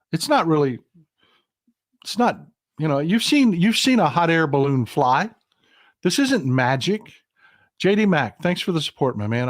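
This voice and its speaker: A middle-aged man talks straight to his livestream viewers. His voice sits a little higher than most men's. He is folksy and hot-tempered, and he keeps calling his audience folks. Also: dry recording, clean studio sound. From Texas. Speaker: livestream host. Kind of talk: casual political livestream talk.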